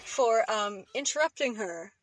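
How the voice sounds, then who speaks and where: A woman's voice: fairly high pitch, lively intonation, unhurried, over music. A young woman co-hosting a casual podcast, rambling, giggling and cutting herself off mid-sentence. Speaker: podcast co-host. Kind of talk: casual chat.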